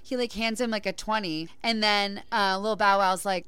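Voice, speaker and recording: A woman's voice: mid-range voice, normal speed, hardly any pauses, clean tone, dry recording. A young woman co-hosting a podcast, retelling a movie plot in casual chat and acting out the characters' lines with lots of "like.". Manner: animated storyteller, acts out quotes, lots of "like". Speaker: podcast co-host.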